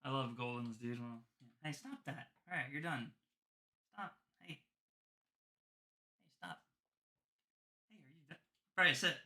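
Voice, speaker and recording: A woman's voice: extremely low pitch, measured pace, pauses often, pushed and bright. A woman hosting a casual livestream, chatting in slang and cooing baby talk at a dog. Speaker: livestream host opening trading cards. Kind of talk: casual live-stream chat.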